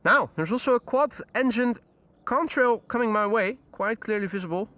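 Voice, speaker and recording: Male host, high voice, chatty outdoor live commentary. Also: moderate pace, sharp tone. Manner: chatty, greets viewers, frequent fillers. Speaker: live stream host, plane spotter. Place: outdoors near airport runway.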